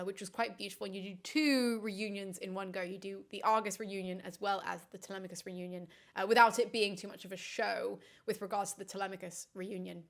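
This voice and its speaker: Casting: young woman host, lively analyst, quick asides, playful character voices. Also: mid-range voice. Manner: animated, quick asides, acts out characters' lines. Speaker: classicist host. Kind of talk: enthusiastic film analysis.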